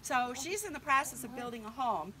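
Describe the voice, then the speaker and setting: With a sharp tone and lively intonation, an older woman talks briskly in a high-ish voice, giving a casual speech at her own book launch. She's nervous and chatty, thanking family and friends amid many ums and laughs, over a rough recording with a little hiss or hum.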